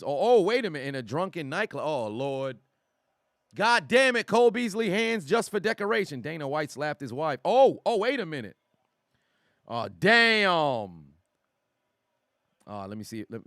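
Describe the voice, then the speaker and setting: A man hosting a live stream in a loose, profane, excitable manner as he reads out chat messages. His pitch sits in a middle range, and the sound is dry and close, with no room echo.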